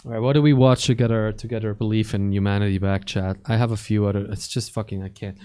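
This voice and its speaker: A young man with Swiss German as his first language hosts a live stream, his voice dark and mellow. He talks to his chat in a loose, joking way and swears casually. The recording is close and dry, with no room sound. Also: fairly low pitch, fairly quick, few pauses, clear, resonant tone, no echo.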